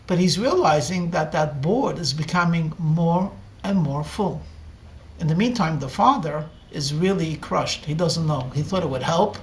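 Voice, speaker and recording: A man's voice: on the high side, fairly bright tone. Man, rabbi, sermon storytelling, dramatic delivery, acts out the dialogue.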